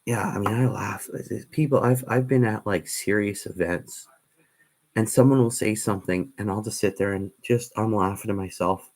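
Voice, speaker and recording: Rambling man, slightly low voice. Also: normal speed. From Canada. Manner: casual, meandering, with many ums and restarts. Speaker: livestream host. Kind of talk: rambling livestream storytelling.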